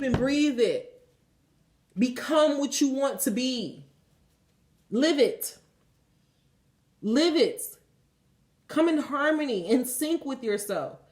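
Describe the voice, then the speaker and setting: A woman's voice: high-pitched, darkish tone, reverberant. A woman tarot reader giving a blunt, emphatic spiritual pep talk and leading affirmations, swearing freely.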